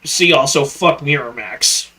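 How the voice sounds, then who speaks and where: A man's voice: mid-range voice, unhurried, sharp tone. Blunt, opinionated man in casual chat. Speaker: podcast co-host.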